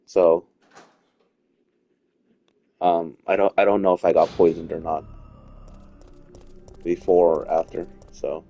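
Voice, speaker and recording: A man's voice: sits low, fairly even intonation, slow, long pauses, dark tone, highs cut off, faint music behind. A man giving casual let's-play commentary as he plays, rambling, repeating himself and swearing freely. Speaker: gaming streamer.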